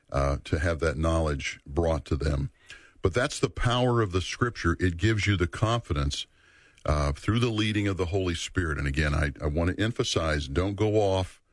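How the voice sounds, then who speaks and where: A deep-voiced man teaches a Bible study series, earnest and measured. He leans on key words and repeats them for emphasis. His voice sounds close and dry. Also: no echo.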